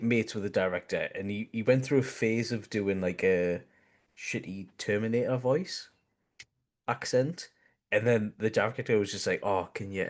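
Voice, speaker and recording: A man, co-hosting a casual film chat, laid-back and halting. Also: on the low side. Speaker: podcast co-host.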